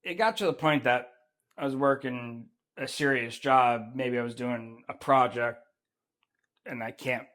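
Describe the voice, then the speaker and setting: A man's voice: mid-range voice, unhurried, fairly bright tone. A man from the United States, a guest on a casual podcast chat, speaking candidly and critically about himself and swearing freely. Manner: candid, self-critical, profane.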